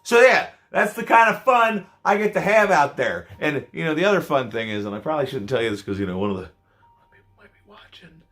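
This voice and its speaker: His lowish voice has a slightly bright quality. The man is vlogging, spinning rambling, profane tales about being a scare actor and mocking himself as he talks casually to the camera.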